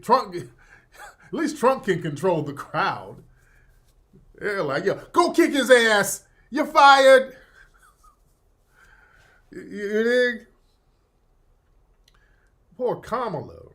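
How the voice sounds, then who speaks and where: A man giving casual reaction commentary in a mocking, informal, drawling way. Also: a little high.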